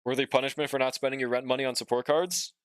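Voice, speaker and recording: A fast-talking young gaming streamer has a mid-range, smooth, slightly bright voice with fairly even intonation. He yawns and sounds sleepy, drawls in a laid-back manner, swears often, and reads and answers chat. The sound is clean studio audio with no room sound.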